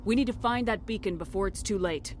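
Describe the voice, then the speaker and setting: An actor plays a blunt military commander who fires off direct questions. The delivery is fast and businesslike. Steady background noise runs under the game audio. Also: mid-range voice, lightly acted. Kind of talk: video game voice acting.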